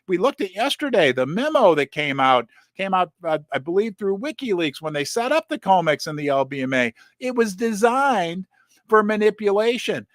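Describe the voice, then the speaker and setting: Male host, higher voice, very animated delivery, sarcastic commentary, dry close sound. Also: moderate pace, no echo. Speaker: precious metals commentator. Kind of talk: casual commentary reading articles aloud.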